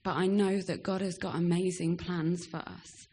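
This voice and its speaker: A woman's voice: fairly low pitch, steady tone, moderate pace, a little mellow, slight background noise. A young woman giving a hesitant farewell speech in church, with frequent ums, and reading scripture. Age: young adult. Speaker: departing church member.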